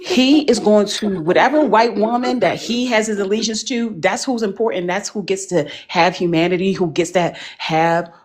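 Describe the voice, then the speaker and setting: A woman talking as a panelist in casual chat, animated and emphatic, full of slang. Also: medium pitch, moderate pace, few pauses.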